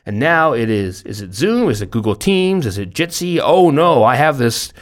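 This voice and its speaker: A man's voice: mid-range voice, big pitch swings, moderate pace. A middle-aged man hosting a podcast in casual chat, rambling and self-deprecating, often stumbling over his words. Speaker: podcast host.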